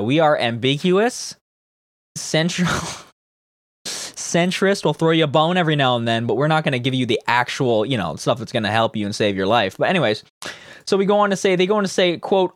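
A man's voice: on the high side, lively intonation, moderate pace, dry recording, clean studio sound. A man hosting casual political commentary from Canada, reading news quotes aloud and mocking them with profane, sarcastic outbursts.

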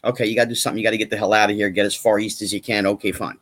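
A man's voice: on the low side, little pitch movement, racing, a bit bright. A man talking as a guest in a casual chat, emphatic and repetitive, firing off rhetorical questions.

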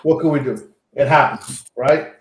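A man's voice: mid-range voice, moderate pace, slight background noise. A man co-hosting a casual podcast chat, telling a story with lots of swearing. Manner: animated storyteller, swears freely. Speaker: co-host. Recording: echoey room.

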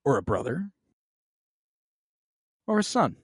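A man's voice: mid-range voice, very animated, slow, slightly rough, no room sound, studio quality, exaggerated voice. A man voicing a cold, sneering male knight who speaks in a haughty, taunting way. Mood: insinuating.

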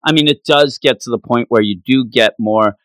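A man co-hosting a casual chat, recapping a show and acting out characters' lines in quick voices. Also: mid-range voice, fairly bright tone, no room sound. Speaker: podcast co-host recapping an anime episode.

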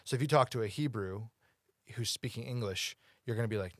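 Medium-pitched and a little fast, this Bible-teaching podcast co-host is captured in a dry recording. His casual study chat runs long and wanders, and he frequently checks whether listeners follow with "you know what I'm saying."

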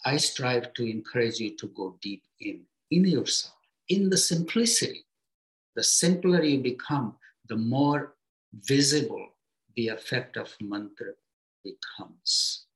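Unhurried man giving a spiritual talk. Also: medium pitch, lively intonation, rough recording. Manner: gentle, unhurried, speaks in short phrases with pauses; simple everyday comparisons, encouraging tone. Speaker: spiritual teacher.

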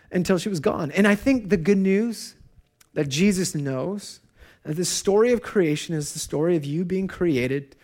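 A man in his thirties, a pastor, giving a conversational sermon and telling personal stories in an animated way. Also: very high-pitched.

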